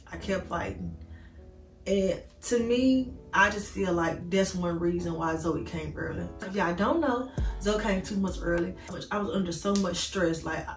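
A woman's voice: mid-range voice, reverberant, distant mic. A woman vlogger telling an emotional storytime, candid and rambling, speaking straight to her viewers. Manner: talks straight to viewers as "y'all".

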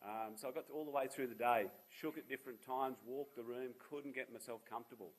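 He's an Australian man in his fifties with a medium-pitched, slightly rough voice, fairly even in intonation and fairly quick. Over a rough recording, he gives a seminar talk as a charity founder, full of personal stories and self-mocking humour.

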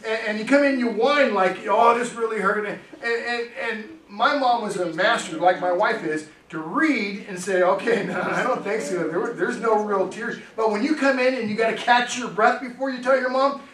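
High-voiced man preaching in an echoey church. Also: fairly bright tone. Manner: chatty, storytelling preacher who laughs often. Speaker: pastor. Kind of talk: sermon. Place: church sanctuary. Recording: echoey church hall, distant mic, faint noise.

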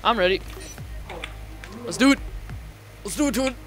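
A man's voice: extremely high pitch, expressive, moderate pace, fairly bright tone. Teasing American guy over game music. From Indiana, United States. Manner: joking, teasing, goofy. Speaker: gamer host. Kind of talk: casual gameplay commentary.

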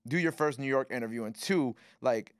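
A man hosting a radio interview, loud and hyped at first, then chatting in a slangy, swearing way. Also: mid-range voice, fairly quick, smooth, no room sound, clean studio sound. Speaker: radio show host. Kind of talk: hype interview chat.

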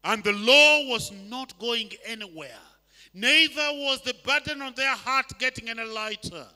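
An older man from Uganda preaches in a church hall, his voice high and strikingly bright. He moves between loud, urgent appeals and hushed, slow lines. A long reverb trails each phrase. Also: lively intonation. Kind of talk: sermon.

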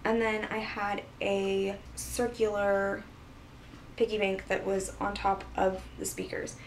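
A woman's voice: mid-range voice, flat delivery, takes it slowly. A woman vlogger casually retelling a personal story, rambling with lots of fillers. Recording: voice a bit far from mic, faint background hiss.

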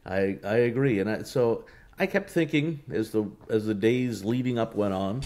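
A man with a fairly low voice speaks as a race announcer being interviewed. He tells his stories loosely, circling back with fillers and restarts. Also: normal speed. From United States. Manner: relaxed storytelling with many restarts and fillers. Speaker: horse racing announcer, guest. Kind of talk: casual interview talk.

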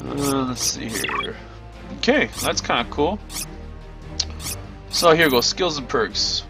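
A man's voice: medium pitch, animated, slow, music in the background. A tired man giving casual commentary while exploring a game, thinking aloud with many ums and hedges. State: yawning, tired. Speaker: gameplay video creator.

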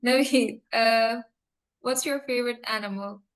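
A woman's voice: a little high, unhurried, low-quality recording. A woman teacher running a mock English speaking test, asking questions patiently, repeating and spelling them out and often laughing. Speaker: English teacher acting as examiner.

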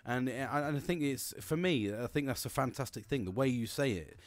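A British man hosting his own show in a rambling, chatty monologue, swearing freely and filling pauses with ums and restarts. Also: mid-range voice, dry recording. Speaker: podcast host. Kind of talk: casual chat monologue.

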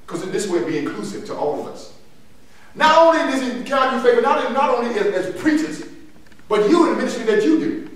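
A high, animated male pastor, preaching call-and-response style in a church. He repeats his lines for emphasis. The sound is echoey and picked up from far off, with some noise behind. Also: brisk. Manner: emphatic, repeats phrases, laughs between points. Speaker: pastor leading a Bible lesson. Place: church sanctuary.

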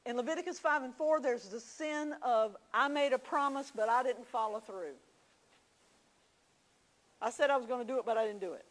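A woman's voice: a little high, normal speed, low-quality recording. A woman teaching a church class, telling homey stories with confiding asides. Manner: folksy storytelling, confiding asides.

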